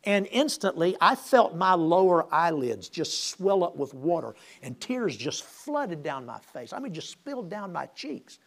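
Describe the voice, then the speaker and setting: Male pastor, gravelly, a bit high-pitched, storytelling sermon, restarts a lot and builds up emphasis. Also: sing-song, unhurried, hardly any pauses, a bit bright.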